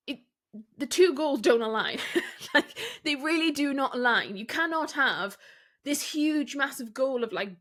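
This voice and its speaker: Hosting a business podcast on her own, a woman coaches listeners with blunt candor, tossing out rhetorical questions and quick laughs. Her voice sits a little high.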